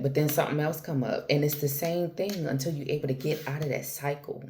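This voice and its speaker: A woman's voice: deep voice, fairly even intonation, brisk, hardly any pauses. A woman talking casually and from the heart to her viewers, slangy and personal, calling the listener girl and baby. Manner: slangy, conversational, trails off and restarts; grows softer and more intimate toward the end. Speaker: spiritual vlogger. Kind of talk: casual heartfelt monologue to camera.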